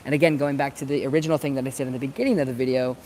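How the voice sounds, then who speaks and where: His mid-range voice has a dark tone and fairly even intonation, and he races along over a faint hiss or hum. The dog trainer addresses the camera outdoors near planters in a chatty, instructional way, repeating words as he thinks.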